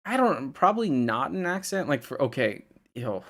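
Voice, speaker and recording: A man's voice: medium pitch, big pitch swings, normal speed, a bit bright. A young man from Indiana, rambling casually on a livestream, laughing and swearing as he reads chat. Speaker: livestream host.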